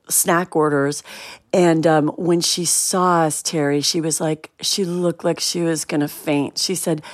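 A middle-aged woman from the Cleveland area tells a long story as an interview guest. Her voice sits fairly low, and she keeps it animated by acting out each quoted person. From Cleveland, Ohio area.

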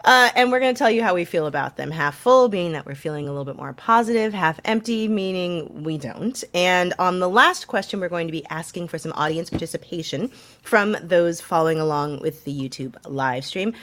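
A woman's voice: fairly low pitch, animated, normal speed, fairly bright tone. Chatty woman co-hosting a news show. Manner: chatty, lots of fillers and laughs. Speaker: co-host. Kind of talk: casual news chat.

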